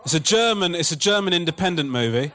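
A man, a comedian telling a profane, animated story on a podcast with a live audience, laughing often. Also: on the high side, fast talker, noisy background.

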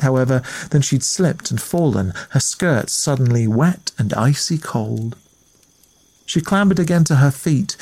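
A man reading a ghost story aloud in a measured, atmospheric way as the storyteller. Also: medium pitch, darkish tone, dry recording. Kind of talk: scripted narration of a ghost story.

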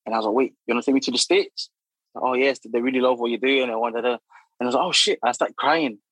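A young man, a guest telling animated, laughing stories full of acted-out quotes. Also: medium pitch, fast, dry recording, rough recording. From Democratic Republic of Congo. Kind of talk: casual storytelling.

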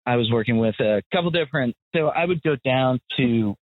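An American man telling stories in a casual chat, animated and blunt, swearing freely. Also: mid-range voice, fairly quick, no echo. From United States. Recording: tinny phone-like audio, dry.

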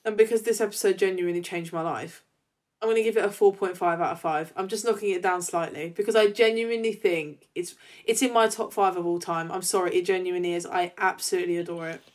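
A woman's voice: lowish voice, fast talker. A woman co-hosting a podcast, chatting cheerfully and emphatically. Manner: cheerful, emphatic, swears casually. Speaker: podcast co-host. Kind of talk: casual chat.

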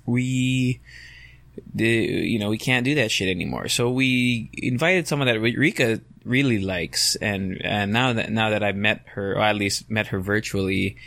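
A man hosting his podcast, hoarse from just waking up, rambling and correcting himself. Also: fairly low pitch, measured pace, fairly bright tone, no echo. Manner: rambling, self-correcting, chatty. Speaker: podcast host. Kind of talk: casual solo podcast talk.

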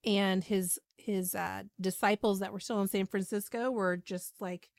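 A woman's voice: mid-range voice, steady tone, unhurried, vocal fry, no echo, studio quality. A woman podcast host retelling a story in casual, chatty talk with frequent ums and asides.

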